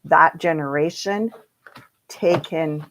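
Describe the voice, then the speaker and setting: A woman hosting a livestream tarot reading, chatty and animated, laughing often and quoting people in playful voices. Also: low-pitched, slow pace. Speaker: tarot reader.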